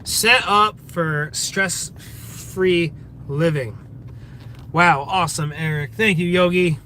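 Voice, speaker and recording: High, bright-voiced man chatting on a livestream. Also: takes it slowly, a little hiss or hum. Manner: reads viewer comments aloud and greets each viewer by name. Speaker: livestream host. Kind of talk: casual livestream chat. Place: outdoors in a state forest.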